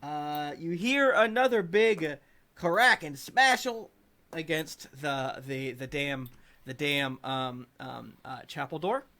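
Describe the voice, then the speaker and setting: A man's voice: a little high, slow pace, bright, forceful tone. A man running a tabletop game as dungeon master, narrating playfully with lots of fillers. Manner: playful, rambling, with many fillers.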